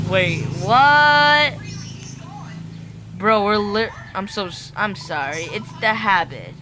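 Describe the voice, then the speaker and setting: Excitable gameplay streamer over traffic noise. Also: mid-range voice, slow pace. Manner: excitable, shouts urgent commands and reads game text aloud. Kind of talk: casual gameplay commentary.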